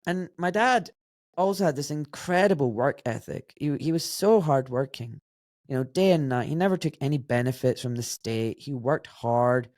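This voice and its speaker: A man's voice: medium pitch, lively intonation, moderate pace, darkish tone, no room sound, studio quality. Blunt Glaswegian man in his forties. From Scotland. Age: 40s. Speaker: podcast guest. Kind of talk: casual interview conversation.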